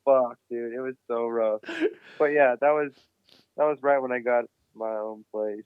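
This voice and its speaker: A man telling a wild story in a casual podcast chat, cursing freely and getting animated. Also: mid-range voice, moderate pace, clean tone, no room sound. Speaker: podcast guest. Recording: dry, phone-like remote line.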